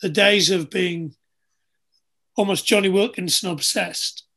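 A man's voice: high-pitched, fairly even intonation, a little slow, creaky, sharp tone. A man, hosting an easygoing casual chat. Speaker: podcast host, former rugby player.

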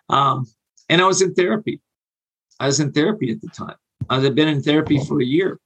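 A man in his forties telling a personal recovery story in a halting, earnest way, with many fillers and restarts. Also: fairly high pitch, a bit bright, slightly rough, rough recording. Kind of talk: personal storytelling on an interview show.

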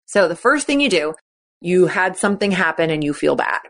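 A woman's voice: on the low side, sing-song, fairly quick, fairly bright tone. Encouraging woman coach, chatty podcast talk. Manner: chatty, encouraging, acts out quoted thoughts. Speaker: podcast host and mental coach.

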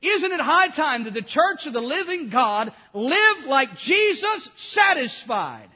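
Male pastor, very high voice, impassioned sermon, echoing hall. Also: big pitch swings, slow pace, highs cut off. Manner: impassioned preaching, swinging from loud to hushed.

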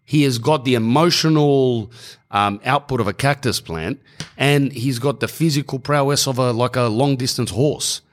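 A man's voice: medium pitch, moderate pace. A man with an Australian accent ranting on his own podcast, opinionated and swearing, calling listeners bro, recorded in a small hot room. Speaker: podcast host. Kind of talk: casual solo podcast rant.

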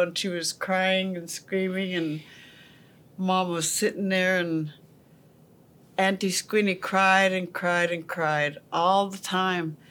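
A woman telling a family story in a podcast, halting, with many pauses and fillers. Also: fairly low pitch, fairly bright tone.

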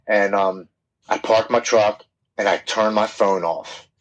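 Low-voiced man telling his story. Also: steady tone, takes it slowly, lo-fi sound. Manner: candid, plain-spoken, with frequent restarts. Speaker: podcast guest. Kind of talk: personal storytelling.

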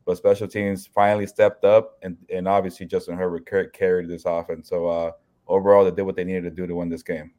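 A man co-hosting a sports podcast who gives measured, plain-spoken analysis with lots of "uh" fillers. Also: low-pitched, little pitch movement, a little mellow. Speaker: podcast co-host.

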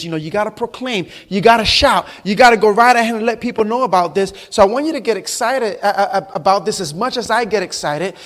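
High-voiced pastor in his forties preaching. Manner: emphatic, quizzes the congregation, rises to shouts. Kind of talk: sermon. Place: church service.

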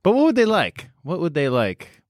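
A man's voice: fairly high pitch, wildly swooping pitch, normal speed, no room sound, clean studio sound. A man playing a tabletop game in a playful, joking way. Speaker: player. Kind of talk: tabletop game role-play.

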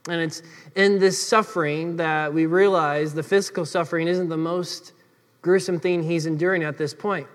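A male pastor preaching a sermon in an earnest, explanatory way, speaking directly to the congregation. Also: a little high. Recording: long hall reverb.

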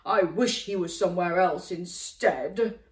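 Woman doing a booming storybook giant. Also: a little slow, close to an everyday voice. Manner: loud, bellowing chant. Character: booming stinky-hating male giant. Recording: roomy, slightly distant mic.

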